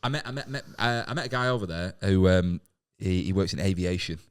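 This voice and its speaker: Deep-voiced rapid man. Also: clean tone. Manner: rambling, swearing, frequent restarts. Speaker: comedian podcast guest. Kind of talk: casual storytelling chat.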